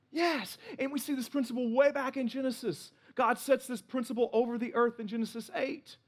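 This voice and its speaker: A man preaching a sermon in an animated, playful way, acting out little voices as he goes. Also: extremely high pitch, moderate pace. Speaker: pastor.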